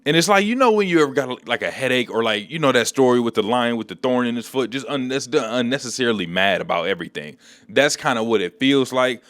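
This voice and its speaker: A man hosting a casual comic book recap, talking through the story in relaxed, slangy speech. His voice is middle-pitched and dry, right up on the mic. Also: fast talker, no room sound. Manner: slangy, laid-back storytelling.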